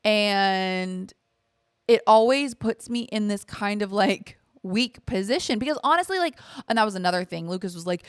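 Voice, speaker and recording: Rambling young woman, gravelly and dry. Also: mid-range voice, a little fast, no echo. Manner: rambling and candid, fillers and swearing. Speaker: podcast host. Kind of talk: casual chat, storytime.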